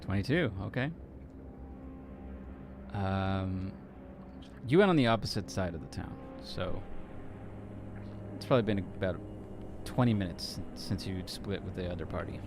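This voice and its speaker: A man narrating as game master in a relaxed, hesitant way with many fillers. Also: low-pitched, a little slow, long pauses, music in the background.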